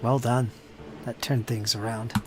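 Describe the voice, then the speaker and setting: A man narrating and running a tabletop game as game master, calm and matter-of-fact. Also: medium pitch, measured pace, background noise.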